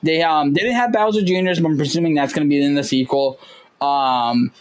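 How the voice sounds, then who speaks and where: A man co-hosting a casual podcast chat, animated and jumping into high voices when he quotes people. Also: a little fast, rough recording. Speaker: podcast co-host.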